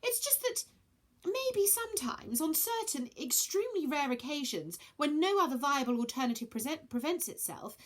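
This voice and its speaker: A fussy, earnest young goddess girl from a children's storybook stammers through a nervous excuse, as a woman reading aloud puts her on. Her voice sits very high and keeps tripping over itself, quick and breathless. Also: very animated. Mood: flustered.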